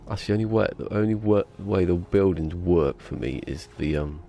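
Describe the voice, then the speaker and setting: Deep, gravelly-voiced man chatting while streaming. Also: normal speed, mellow, a little hiss or hum. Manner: rambling, jokey self-talk. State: sniffly with a cold. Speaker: game streamer. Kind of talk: casual live-stream chatter. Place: small room at home.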